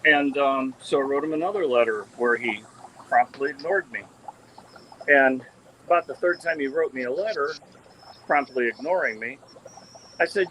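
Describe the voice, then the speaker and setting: A man whose voice sits on the high side, fairly bright in tone, talks at a moderate pace during a casual tank tour on a live video call. As a fish breeder in his indoor fish room among aquarium tanks, he rambles with frequent ums and restarts. The camera mic yields poor audio with slight background noise.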